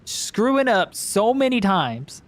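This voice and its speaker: Excitable swearing gamer guy. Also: high voice, takes it slowly. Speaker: game streamer. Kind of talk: casual gameplay commentary.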